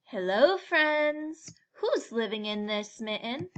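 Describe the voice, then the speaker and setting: A woman voicing a bold, demanding male wolf who calls out loudly in a storybook reading. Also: fairly high pitch, expressive, slow pace, highs cut off. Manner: loud and forward.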